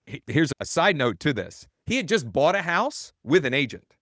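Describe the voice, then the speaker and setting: A man's voice: fairly high pitch, sing-song, moderate pace, a bit bright, no echo, clean studio sound. A man coaching real estate agents in a webinar, telling a story in a casual, rambling way and correcting himself as he goes.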